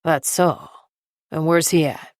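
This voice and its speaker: A woman's voice: low-pitched, fairly even intonation, slow, no room sound, studio quality. A woman narrator voicing a menacing middle-aged male crime boss who talks in a coarse, threatening way in an audiobook.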